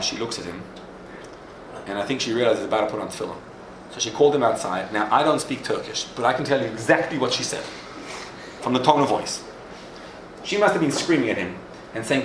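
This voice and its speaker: A man's voice: medium pitch, expressive, fairly quick, roomy sound, background noise. A man giving a sermon, telling a story and asking questions, with Hebrew terms mixed in. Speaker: rabbi.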